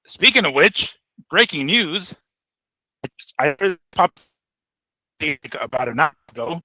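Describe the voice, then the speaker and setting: Bright-voiced man casually reading boxing news. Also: on the high side, takes it slowly, no echo, low-quality recording. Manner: relaxed, reads news aloud, laughs easily. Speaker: boxing show co-host. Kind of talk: casual chat.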